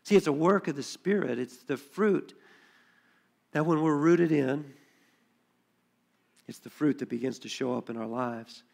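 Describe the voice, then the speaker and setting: A man's voice: fairly high pitch, measured pace, creaky, long pauses, a little mellow. A man preaching a sermon as pastor, building intensity with repetition and acting out biblical dialogue in quoted voices.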